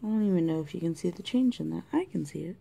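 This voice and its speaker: A woman talking through a colored-pencil tutorial in a chatty way, thinking aloud and often dropping to a soft whisper. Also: fairly low pitch, lively intonation, quick pace, gravelly, husky. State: has the hiccups. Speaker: art tutorial host. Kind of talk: casual drawing tutorial narration. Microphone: camera mic close to the desk.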